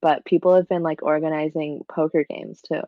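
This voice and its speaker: A woman co-hosting a casual podcast, relaxed and matter-of-fact. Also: sits low, moderate pace, no room sound. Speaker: podcast co-host. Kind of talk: casual chat. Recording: dull lo-fi mic.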